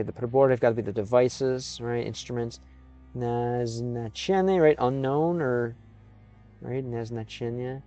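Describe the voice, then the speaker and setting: A man, a native English speaker, live-streaming in a casual chat, sounding out Russian words slowly and thinking aloud as he thanks viewers. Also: medium pitch, mellow.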